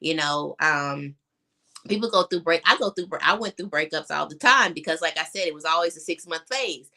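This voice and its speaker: On a video call, a young adult woman guest tells her own story openly, leaning heavily on fillers and sometimes choking up. She talks fairly quickly in a low, sharp voice with lively intonation.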